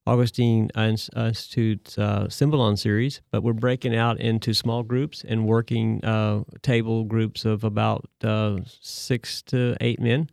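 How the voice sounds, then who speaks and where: Man, deacon, low and monotone, gravelly, dry close recording. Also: a little slow, few pauses, no echo. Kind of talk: conversational interview answer.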